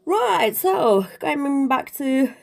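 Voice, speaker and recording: A woman's voice: high-pitched, big pitch swings, drawn-out words, gravelly. Emphatic woman preaching to camera. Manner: emphatic, preachy, calls listeners "darling". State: slightly out of breath. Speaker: spiritual video creator. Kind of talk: casual monologue to camera.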